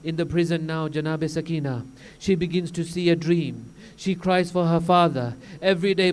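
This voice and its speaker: A man preaches a mourning sermon in a notably high register. His voice is resonant and clear, moving from hushed, solemn retelling to impassioned peaks. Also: normal speed. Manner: solemn storytelling that swells into impassioned cries.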